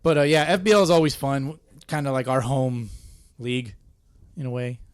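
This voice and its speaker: A man's voice: mid-range voice, fairly even intonation, normal speed, clear, resonant tone, dry recording, clean studio sound. Laid-back man hosting a podcast. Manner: laid-back, swears, laughs loudly. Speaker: podcast host. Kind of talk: casual chat about amateur baseball.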